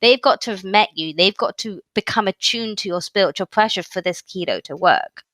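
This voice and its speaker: A Scottish woman talking through details in casual podcast chat, laughing now and then. Her voice is bright and clear, recorded dry and close to the mic. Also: mid-range voice, fairly quick, no room sound. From Scotland. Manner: chatty, explains details, laughs often. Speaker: podcast co-host.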